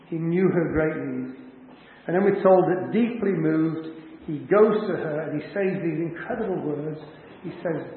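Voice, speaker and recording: A man's voice: fairly high pitch, slight background noise. A man preaching a sermon, telling a story dramatically and conversationally. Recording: tinny, echoey church hall.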